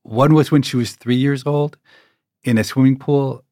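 A man hosting an interview, asking calm, measured questions. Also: medium pitch, no echo, clean studio sound. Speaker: interviewer, host. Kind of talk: interview and reflective commentary.

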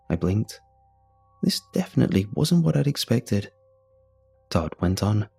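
A man narrating a first-person story in a measured, quietly earnest way. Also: lowish voice, sing-song, creaky, husky, faint music behind.

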